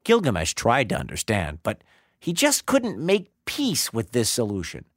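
Male storyteller, dramatic narration, mid pitch, dry close sound. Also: normal speed, dry recording. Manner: expressive, dramatic.

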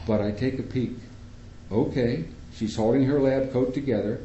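A man reading a first-person story aloud to an audience in a theater, steady and measured. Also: medium pitch, slight background noise. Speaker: reader at a public reading. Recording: echoey room, dull lo-fi sound.

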